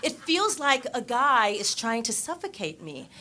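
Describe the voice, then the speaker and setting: A young woman with a slightly high voice performs stand-up into a handheld mic on a comedy club stage. She delivers her punchlines deadpan and slips into voices for the people in her stories. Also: measured pace.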